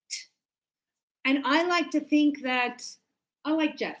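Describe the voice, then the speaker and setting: A woman's voice: high-pitched, measured pace, long pauses, poor audio. A woman teaching English pronunciation to a class, explaining step by step, repeating words and checking that students follow.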